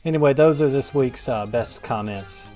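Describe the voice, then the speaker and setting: A man's voice: medium pitch, normal speed, warm tone, faint music behind. A man hosting a gaming channel, reading viewer comments in a wry, rambling, self-deprecating way. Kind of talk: casual gameplay commentary.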